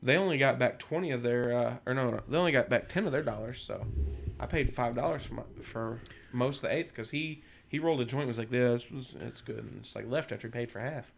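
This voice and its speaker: A man's voice: medium pitch, fast, gravelly. A young man casually telling a long, profane story on a podcast, acting out what people said. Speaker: podcast co-host.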